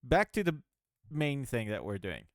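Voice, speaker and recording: A man's voice: medium pitch, very animated, measured pace, no echo, studio quality. A man chatting casually while working on his game, rambling and poking fun at himself with frequent laughs. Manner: rambling, self-mocking, laughs often. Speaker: game developer. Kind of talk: casual rambling devlog commentary.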